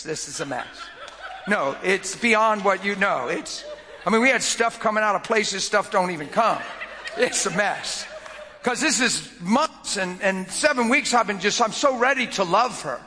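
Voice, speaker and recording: A man preaching a sermon and telling a personal story, swinging from loud outbursts to near whispers. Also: high voice, animated, moderate pace, in a large hall, slight background noise.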